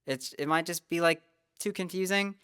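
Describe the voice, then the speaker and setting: A young adult vocal teacher, calmly explaining singing technique step by step in a casual lesson. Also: mid-range voice, normal speed, smooth, no echo, studio quality. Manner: relaxed, explanatory, talks through technique step by step.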